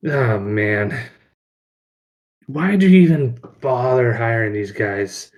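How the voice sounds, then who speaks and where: A man's voice: medium pitch, lively intonation, slow pace, darkish tone. A man voicing a boastful, rude young dwarf who scoffs at the people around him. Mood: scoffing. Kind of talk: tabletop role-play voice.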